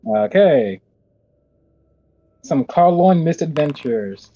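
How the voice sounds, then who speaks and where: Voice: medium pitch, expressive, takes it slowly, slightly rough, lo-fi sound. A player chatting casually and playfully during a tabletop game. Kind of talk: casual chat.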